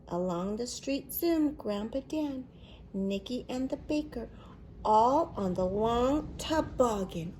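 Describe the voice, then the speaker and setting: A woman, a daycare teacher, reading a children's picture book aloud with expressive delivery and soft whispered asides. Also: on the high side, slow, a little hiss or hum.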